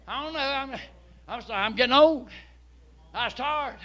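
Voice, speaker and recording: A man, preaching a fervent sermon and often shouting hallelujah. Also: extremely high pitch, normal speed, dull audio. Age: 70s. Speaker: pastor.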